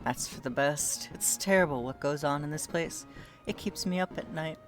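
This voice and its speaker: A streamer reading the lines of a frightened young mother from a game, in a soft, worried way. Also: medium pitch, moderate pace, over music, natural voice. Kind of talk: reading game dialogue aloud.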